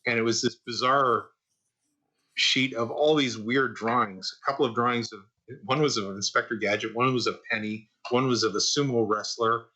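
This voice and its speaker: A man in his sixties tells stories from his working life in a relaxed, rambling way. He talks at an ordinary middle pitch with a bright, forward tone and plenty of fillers. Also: moderate pace. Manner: relaxed anecdotal, frequent "uh" and repeats. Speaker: guest, animation artist. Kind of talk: casual storytelling in a podcast interview.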